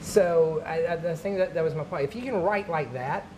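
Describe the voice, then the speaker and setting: A man, a comedian guest, chatting casually on a podcast and telling animated stories with quick character voices. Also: fairly high pitch, a little hiss or hum, rough recording.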